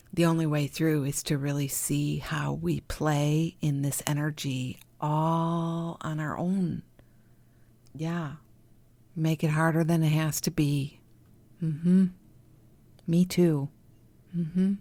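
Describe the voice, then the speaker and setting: A middle-aged woman hosting a podcast, talking gently and encouragingly about healing, with soft whispered asides. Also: deep voice, fairly even intonation, slow, long pauses, no echo. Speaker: podcast host, healing coach. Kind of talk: reflective spiritual talk.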